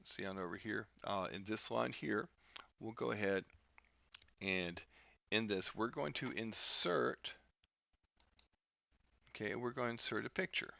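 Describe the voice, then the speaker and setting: A man teaching a software lesson over a screen recording, talking haltingly with many fillers and restarts. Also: lowish voice, creaky, no room sound, muffled recording. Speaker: instructor.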